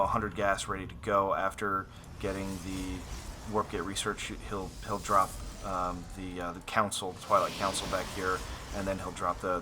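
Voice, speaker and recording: A man casting a strategy game replay on his own, excitable and thinking aloud, often repeating his phrases. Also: on the low side. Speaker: game caster. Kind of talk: solo esports commentary over a replay.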